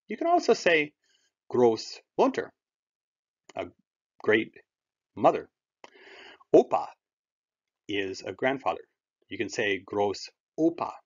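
Male teacher, encouraging, slow and lively in pitch, dull lo-fi sound. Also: slightly rough. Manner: slow, patient explaining with drawn-out German words; friendly and encouraging, addresses learners directly. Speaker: German language teacher. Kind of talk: recorded language lesson.

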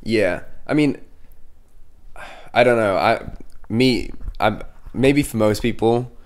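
An English band singer, interviewed as a guest, chats candidly in a lowish voice and takes things slowly. The talk is casual, and he rambles, interrupts himself, and often starts his sentences over.

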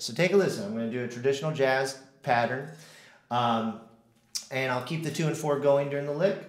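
In a roomy-sounding space, a man from the United States teaches drums in a relaxed, instructional way. His voice is mid-range, and he hums rhythms while counting out the stickings.

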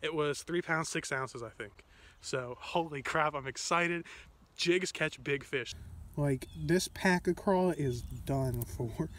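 Excitable young man fishing outdoors. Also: on the high side, slow pace. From Ohio, USA. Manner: excitable, talks to himself and viewers, frequent exclamations. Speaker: fishing vlogger. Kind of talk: casual outdoor fishing vlog. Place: outdoors by a pond.

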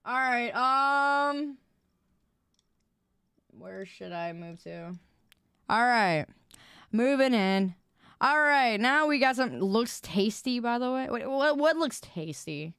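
A woman streamer chatting casually with her viewers, loud and expressive, quick to protest and tease. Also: a little high, clear, resonant tone, no room sound, studio quality.

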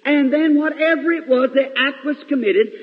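High-voiced preacher in a 1950s hall recording. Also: male voice, normal speed. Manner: dramatic storytelling, sudden swings between loud and hushed. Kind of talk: sermon. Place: large church. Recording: lo-fi 1950s reel recording, long hall reverb.

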